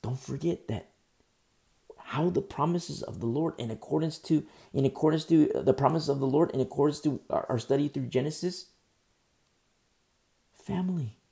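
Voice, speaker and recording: A man preaching verse by verse, earnest and rambling, stumbling over hard names and pausing often because his throat is sore. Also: on the high side, vocal fry, mellow. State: sore throat, pauses to drink tea. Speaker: pastor. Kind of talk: verse-by-verse Bible teaching.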